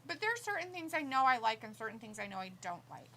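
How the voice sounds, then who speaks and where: Mujer de voz aguda y brillante, risueña. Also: female voice, fairly high pitch, sing-song, fast, gravelly, fairly bright tone, slight background noise. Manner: giggly, reads viewer comments aloud. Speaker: co-host reading the live chat. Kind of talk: casual live-stream chat.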